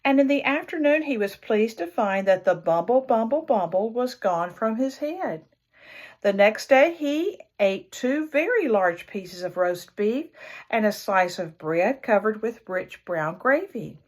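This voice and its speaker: A woman reading a children's picture book aloud in an expressive storyteller's way, imitating the animal sounds. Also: a little high, measured pace.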